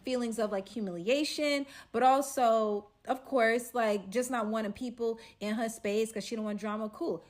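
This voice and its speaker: A woman's voice: a little high, fairly even intonation, normal speed, hardly any pauses. A young woman recounting a personal story, storytime style. She tells it animatedly and dramatically and acts out the quoted lines as she goes. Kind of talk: storytime vlog.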